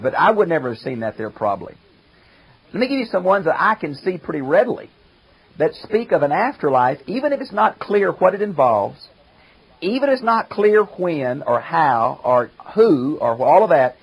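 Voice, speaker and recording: An older man and pastor teaching a Bible commentary lecture, emphatic, slowing down to stress quoted verses. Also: mid-range voice, breathy edge, low-quality recording.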